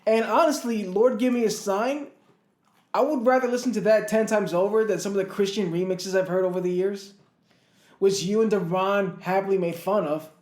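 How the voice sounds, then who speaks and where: A man with a fairly high voice co-hosts a casual podcast. He rambles through his stories, restarting sentences and chuckling along the way. The room is echoey. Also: steady tone, moderate pace, darkish tone. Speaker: podcast co-host. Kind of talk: casual chat.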